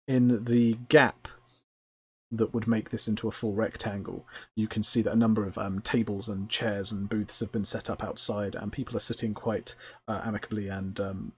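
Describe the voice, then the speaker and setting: A man narrating a tabletop game as game master, describing scenes at length with many pauses. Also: on the low side, flat delivery, a little mellow, breathy edge.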